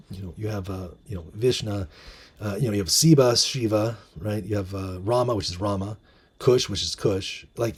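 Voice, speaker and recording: A man's voice: lowish voice, husky. A man hosting a casual monologue, musing with many fillers and restarts and reading out bits of articles. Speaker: host.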